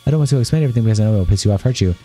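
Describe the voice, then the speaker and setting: Fast-reading man with a dark voice. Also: on the low side, lively intonation, faint music behind. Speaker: streamer. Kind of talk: reading text messages aloud on a livestream.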